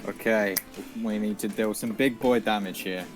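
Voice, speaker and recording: A man's voice: fairly low pitch, fairly even intonation, moderate pace. A man playing in a tabletop game over an online call, describing his moves hesitantly with many fillers. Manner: hesitant, full of ums and likes. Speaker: player. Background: background music.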